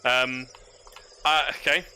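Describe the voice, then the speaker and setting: Male game master, very bright timbre, laid-back narration. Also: mid-range voice, flat delivery, slow, a little hiss or hum.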